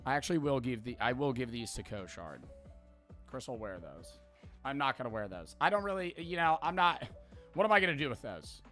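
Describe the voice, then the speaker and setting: Bright-voiced male streamer chatting. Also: mid-range voice, very animated, brisk, soft background music. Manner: chatty, laughs at his own readings. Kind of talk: casual chat reading jokes from a book.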